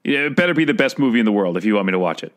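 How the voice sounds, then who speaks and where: A man's voice: lowish voice, expressive, rapid-fire. A man co-hosting a casual podcast, telling stories in a rambling way full of filler words. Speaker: podcast co-host. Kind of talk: casual chat.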